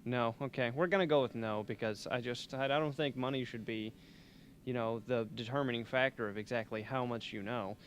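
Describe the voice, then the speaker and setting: A man's voice: mid-range voice, fairly even intonation, a little fast, fairly bright tone, a little hiss or hum. Rambling young man hosting college radio. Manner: joking, rambling, self-mocking. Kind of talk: rambling comedic radio chat.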